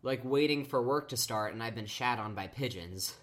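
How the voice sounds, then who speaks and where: A young man co-hosting a podcast in casual chat. He speaks in a relaxed way, filling his sentences with "like" and "um". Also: medium pitch, normal speed. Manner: relaxed, fills speech with "like" and "um". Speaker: podcast co-host.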